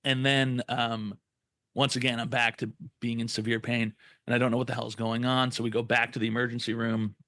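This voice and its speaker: A man's voice: mid-range voice, brisk, no room sound. A young man casually telling a long story on a podcast, swearing often and acting out the people in it. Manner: profane, animated retelling with quoted voices. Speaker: podcast co-host.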